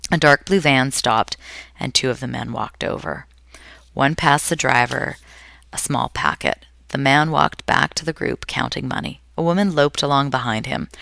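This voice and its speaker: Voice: mid-range voice, creaky, bright, forceful tone, no room sound, studio quality. A reader reading a novel aloud, with frequent slips and self-corrections. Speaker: audiobook reader.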